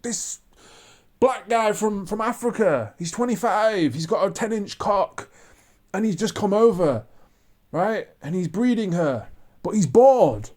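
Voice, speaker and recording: A man's voice: sits high, animated, a little slow, darkish tone. A man ranting to camera in a preachy monologue, repeating his points with emphasis. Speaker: vlogger.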